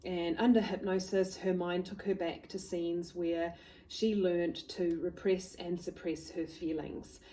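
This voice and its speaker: A woman hypnotherapist, calmly telling a client's story to the camera. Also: fairly low pitch, unhurried, poor audio. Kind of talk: talking to camera, case story.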